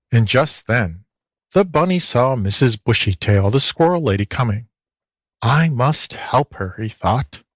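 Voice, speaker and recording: Slow, lively male storybook reader. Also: on the low side, no room sound. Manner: slow, lively, animated reading. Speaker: audiobook reader. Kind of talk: storybook narration with character voices.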